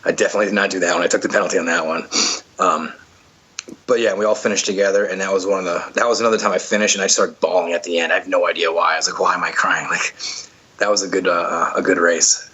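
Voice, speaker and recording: A man's voice: low voice, steady tone, quick pace, pushed and bright, breathy edge, muffled recording. A man telling stories from an obstacle race in a casual, rambling way, full of fillers and restarts. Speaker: podcast guest, obstacle racer. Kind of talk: casual storytelling chat.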